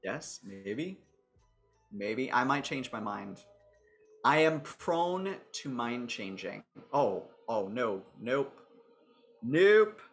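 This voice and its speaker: Slow-talking man chatting on a livestream. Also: medium pitch, expressive, creaky, a bit bright, faint music behind. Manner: chatty, thinks aloud, jokey and self-mocking. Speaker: host demonstrating a character builder. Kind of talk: casual livestream commentary.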